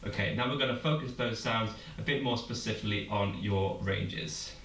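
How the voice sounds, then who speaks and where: A man coaching a vocal warm-up, patient and encouraging, guiding breathing exercises. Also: lowish voice, moderate pace, a little hiss or hum. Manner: patient, encouraging instruction with demonstrations. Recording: roomy, from far off the mic.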